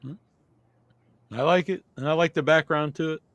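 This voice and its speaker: A man's voice: a little high, normal speed, a bit bright, no echo. A man hosting a podcast in casual chat, chatty and thinking aloud as he searches online. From Massachusetts. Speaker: podcast host.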